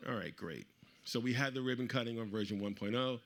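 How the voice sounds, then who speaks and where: A middle-aged man speaking at a live event, telling a personal story to the audience with animated delivery and acting out the voices of the people he quotes. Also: mid-range voice, fairly quick. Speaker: author speaking at a book event.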